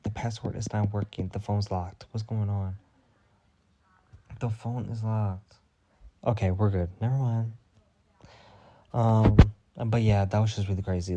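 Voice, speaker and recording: A man's voice: lowish voice, dark tone, dry recording. A young man hosting a casual solo gossip podcast, rambling, sassy and full of swearing. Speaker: podcast host.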